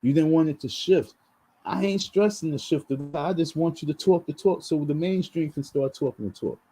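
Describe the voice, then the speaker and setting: Dark, husky man venting on a vlog. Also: a little high, moderate pace, low-quality recording. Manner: heated, repetitive ranting with many restarts and slang. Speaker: vlogger.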